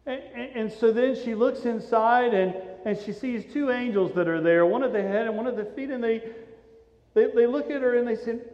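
A male pastor preaching a sermon, telling the story with dramatic swings from loud urgency to hushed softness. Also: high voice, moderate pace. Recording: echoey hall, dull lo-fi sound.

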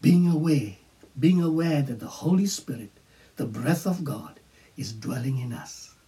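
Male pastor, sermon delivery, unhurried with hushed emphasis, somewhat distant mic. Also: on the high side, expressive. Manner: slow, emphatic preaching with whispered phrases.

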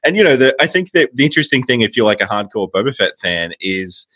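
A man's voice: mid-range voice, very animated, fast talker, a bit bright. New Zealand man in casual chat. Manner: casual, lots of "like" fillers. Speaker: podcast co-host.

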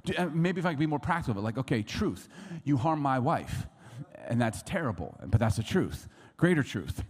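A middle-aged male pastor delivers a lively sermon, his pitch swinging widely as he acts out stories. His voice carries a long reverb tail from a large church hall. His pitch sits mid-range for a man. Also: moderate pace. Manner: animated storytelling, acts out voices and laughs.

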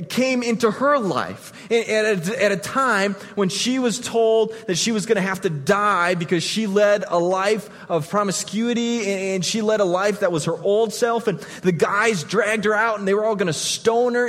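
A man preaching a sermon as pastor, retelling scenes vividly and swinging from loud to hushed. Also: high-pitched, long reverb tail.

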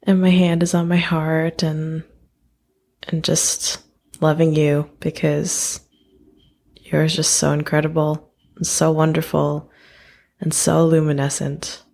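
A woman from the United States, speaking in a casual podcast chat and effusively affirming the other person with warm praise. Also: sits low, level tone, slow pace, gravelly, long pauses. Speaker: podcast co-host.

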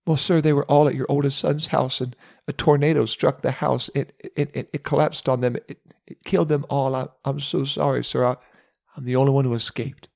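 A man's voice: mid-range voice, flat delivery, a little fast, creaky, darkish tone, voice pushed up, natural voice. A man voicing a panicked, breathless male servant who stammers out terrible news. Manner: stammering, gasping.

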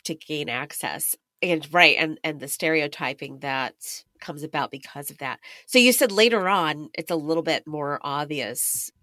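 A woman's voice: low-pitched, normal speed, few pauses, sharp tone, dry recording, studio quality. A woman hosting a casual interview, engaged and asking follow-up questions. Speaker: interview host.

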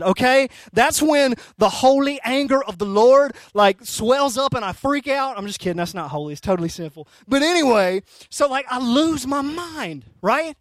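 A man in his thirties preaching a sermon as a pastor, telling stories in an animated way that swings from soft to loud, and often checking in with "right?" and "okay?". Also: very high-pitched, normal speed, hardly any pauses, dry recording.

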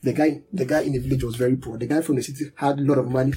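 A man's voice: mid-range voice, steady tone, racing, hardly any pauses, music in the background. A man preaching a sermon to a congregation, emphatic and repetitive, leading a prayer line by line. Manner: emphatic, repeats key words, leads a prayer line by line. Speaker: pastor.

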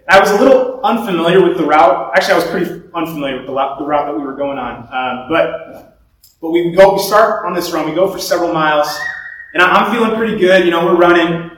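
A young man giving a sermon in a relaxed, conversational way, telling stories and often restarting his sentences. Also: a little high, slight background noise. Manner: conversational storytelling with repeated restarts. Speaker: preacher. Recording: very echoey room, voice from far off.

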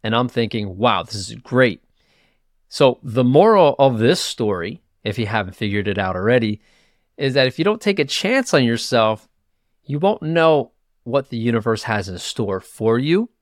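A man hosting his own podcast, telling a personal story in a casual, animated way, laughing at himself and stumbling over quick restarts. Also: mid-range voice, no room sound, studio quality. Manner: animated, self-mocking, quick bursts with stammered restarts. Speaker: podcast host.

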